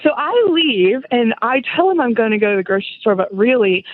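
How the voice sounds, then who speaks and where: A woman's voice: on the high side, big pitch swings, fairly quick, no room sound. A woman rambling through a silly comic story as a caller, giggling as she goes, over a phone line. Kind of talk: improvised comic phone call. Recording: tinny phone-line sound.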